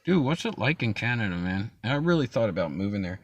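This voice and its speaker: A man's voice: fairly low pitch, sing-song, fast, dry recording. A young man hosting a casual chat stream, rambling loosely with frequent swearing and laughter. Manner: rambling, profane, laughs often. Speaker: stream host.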